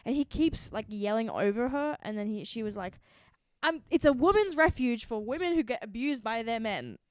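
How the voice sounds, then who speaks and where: A woman chats on a podcast and insists on her own version of events. Her voice sits a little high, and the recording is dry and close. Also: lively intonation, moderate pace, no echo. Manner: insistent, contradicting and correcting. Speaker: podcast guest, host's wife. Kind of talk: casual chat.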